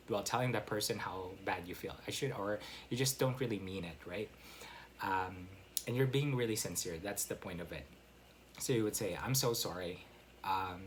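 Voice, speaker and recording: A man's voice: fairly low pitch, a little hiss or hum. A man giving a casual online English lesson, explaining step by step with frequent fillers and "right?" check-ins. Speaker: English teacher.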